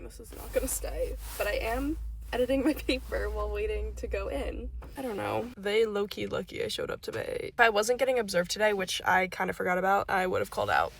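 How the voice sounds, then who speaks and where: A woman's voice: medium pitch, lively intonation, fairly quick, creaky, a little hiss or hum. Stressed, chatty young woman vlogging. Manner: chatty, self-mocking, dramatic about stress. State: tired and stressed. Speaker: graduate student vlogger. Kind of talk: casual diary vlog.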